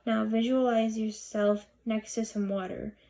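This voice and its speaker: A woman voicing a soothing hypnotist who drawls in a low, husky voice. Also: little pitch movement, a little slow, warm tone.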